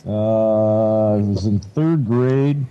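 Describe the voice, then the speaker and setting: Mellow-voiced man, casual chat. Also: lowish voice, drawn-out words, clear, resonant tone, muffled recording. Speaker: podcast co-host.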